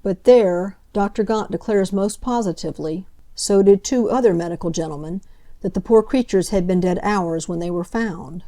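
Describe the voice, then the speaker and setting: A woman voicing a good-natured male police inspector who talks in a chatty, plain-spoken way, often with a lowered voice. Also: moderate pace, warm tone, lightly acted. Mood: confiding.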